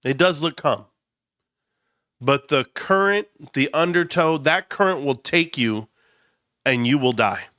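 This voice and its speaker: A man's voice: fairly high pitch, animated, unhurried, pauses often, a bit bright, dry recording, studio quality. A man from California hosting a casual stock market livestream, stuffed up and talking in a rambling, emphatic way with many restarts. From Indio, California. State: stuffed-up nose.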